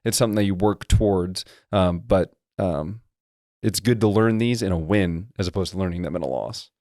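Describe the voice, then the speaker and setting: Male podcast co-host, low voice, dry close mic, rapid technical analysis. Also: warm tone, no room sound. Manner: detailed, fast technical football breakdowns. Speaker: podcast co-host and former lineman. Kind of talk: casual sports podcast chat.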